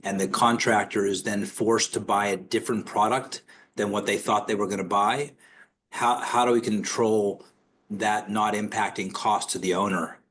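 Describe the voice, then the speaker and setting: A man in a webinar asking a long, rambling question and clearing his throat now and then. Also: fairly low pitch, steady tone, moderate pace, a bit bright, slight background noise. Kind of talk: casual spoken question.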